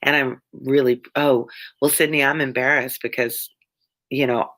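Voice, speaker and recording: A woman's voice: extremely low pitch, steady tone, normal speed, a bit bright. A tired woman with a Southern American accent, an ESL teacher chatting casually and rambling with viewers between chapters. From Michigan. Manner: chatty, meandering, drawling when tired. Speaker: ESL teacher and read-along host.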